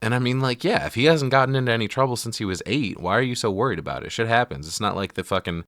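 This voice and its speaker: Bright-voiced man recapping a movie. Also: medium pitch, fast, no echo, clean studio sound. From United States. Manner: animated retelling with put-on quotes, swears often. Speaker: podcast co-host. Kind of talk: casual movie recap chat.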